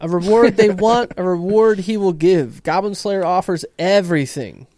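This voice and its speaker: A man's voice: sits high, normal speed, a little mellow, no echo, clean studio sound. A man co-hosting a podcast, recapping an episode in a laid-back way with swearing asides. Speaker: podcast co-host.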